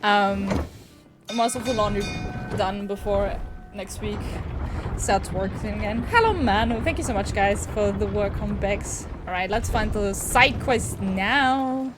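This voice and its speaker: Music plays in the background as a woman with a mid-range voice talks a little slowly while streaming a game. She's sniffly, fighting off a cold, and rambles chattily to her chat in casual commentary.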